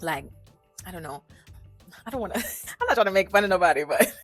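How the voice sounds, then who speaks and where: A young adult woman talking casually in a language-learning vlog. She is animated and chatty, laughs often and slips into quick put-on voices when quoting people. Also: lowish voice, dry recording, faint music behind.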